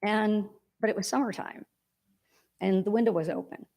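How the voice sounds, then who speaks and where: Woman giving a rambling eulogy, gravelly. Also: mid-range voice, normal speed, mellow. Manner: heartfelt, rambling storytelling. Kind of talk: personal eulogy at a memorial service. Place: church.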